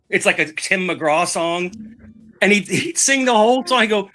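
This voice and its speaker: A man telling a long rambling story in casual chat, animated and swearing, repeating his words. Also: high voice, normal speed.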